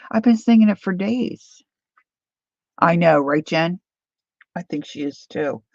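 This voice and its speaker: Gravelly lady rambling on a craft livestream, slow talker, kinda dull lo-fi sound. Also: lowish voice, animated, no room sound. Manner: rambling, self-deprecating, chats with viewers by name. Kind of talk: chatty live crafting stream.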